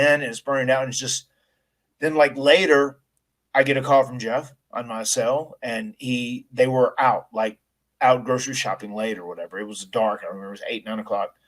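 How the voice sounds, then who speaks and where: A man's voice: medium pitch, fairly bright tone, poor audio. Earnest man recounting a story. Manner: earnest, with frequent restarts and quoted dialogue. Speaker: wrestler telling his story. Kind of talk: conversational interview storytelling.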